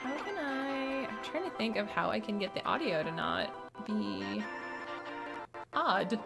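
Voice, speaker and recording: A woman's voice: medium pitch, lively intonation, vocal fry, over loud music. A woman hosting a game stream, chatty and gushing as she plays and talks with developers. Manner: bubbly, chatty, quick to gush. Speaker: stream host playing games. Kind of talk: casual game stream chat.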